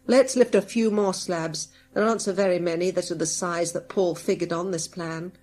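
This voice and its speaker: A woman's voice: on the low side, fairly even intonation, moderate pace, lightly acted. A woman doing a drawling gang boss. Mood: sharp, angry. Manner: drawling, turns sharp and angry. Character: drawling gruff male gang boss, menacing.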